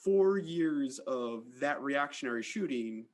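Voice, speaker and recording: A man's voice: mid-range voice, lively intonation, takes it slowly. A man hosting a podcast, talking in a conversational way and saying "like" often. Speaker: podcast host.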